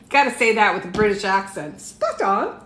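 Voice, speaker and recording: A woman's voice: medium pitch, normal speed, a bit bright. A middle-aged woman giving a casual live tarot reading from her home, chatting with her viewers and laughing often. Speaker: tarot reader. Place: home room. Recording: echoey room, faint noise.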